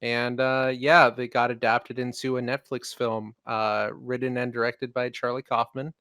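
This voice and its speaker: A man's voice: medium pitch, level tone, moderate pace, pushed and bright, clean tone, dry recording. A man co-hosting a podcast with dry, wry remarks. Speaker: podcast co-host. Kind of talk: casual chat.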